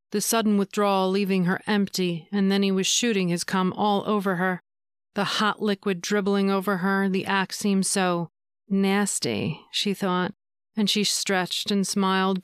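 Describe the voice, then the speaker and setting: A woman narrating an erotic audiobook in a steady, measured reading. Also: medium pitch, clear, resonant tone, no echo, studio quality.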